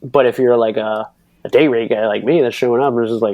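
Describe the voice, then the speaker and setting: A man in his thirties telling a racing story on a podcast, rambling and animated with lots of fillers and acted-out quotes. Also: mid-range voice, quick pace, no echo. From United States. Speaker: podcast guest, pro cyclocross racer. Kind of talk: casual storytelling.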